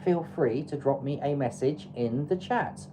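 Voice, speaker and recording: A woman's voice: low voice, a little slow, dark tone, slight background noise, rough recording. A woman from England with an English accent, hosting a travel livestream in a loose, chatty, advice-giving way with plenty of fillers. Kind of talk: casual livestream chat.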